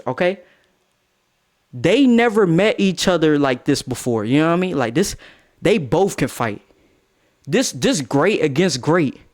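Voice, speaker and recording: Young man, slightly high voice, animated casual storyteller, swears freely. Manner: animated, swings into high-pitched outbursts when quoting.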